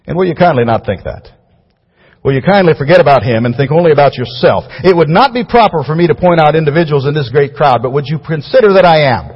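A man preaching a sermon to a large crowd, earnest and pleading, rising to loud emphatic cries and falling to low tones. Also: animated, brisk, slightly rough. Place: large hall before a crowd. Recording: dull recording with long hall reverb.

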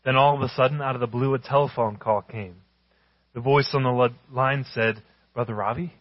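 A man preaching a sermon, telling stories and slowing down to stress key phrases. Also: mid-range voice, steady tone, dry recording, lo-fi sound. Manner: storytelling with emphatic, slowed-down phrases. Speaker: pastor.

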